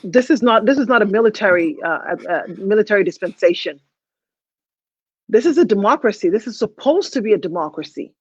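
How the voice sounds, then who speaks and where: A woman hosts a live call-in talk show, emotional and hesitant, stumbling through restarts. Her voice sits in a middle pitch. The stream audio is dull, lo-fi and dry. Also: expressive, brisk, husky, dry recording.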